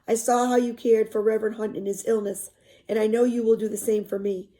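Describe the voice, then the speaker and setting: Woman reading aloud stern wounded colonial captain, storybook, kinda high mellow voice. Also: little pitch movement, fairly quick, natural voice. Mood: solemn.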